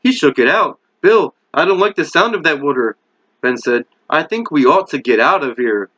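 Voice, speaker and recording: A man's voice: a little high, lively intonation, moderate pace, pushed and bright, dull audio. A man reading a horror novel aloud as a hobby reader, with small slips and corrections and light character voices. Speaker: amateur book reader.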